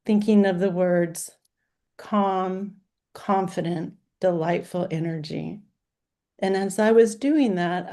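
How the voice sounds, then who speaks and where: A woman's voice: on the low side, dark tone. A woman in her sixties, a life coach, giving an earnest, emotional talk in list-like phrases. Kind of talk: heartfelt talk.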